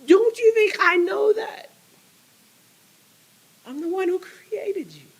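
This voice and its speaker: A man's voice: very high voice, slow, gravelly, voice pushed up, exaggerated voice, rough recording. A man voicing an all-powerful creator God who presses with question after question. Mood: urgent. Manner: questioning, pressing, repeats challenges.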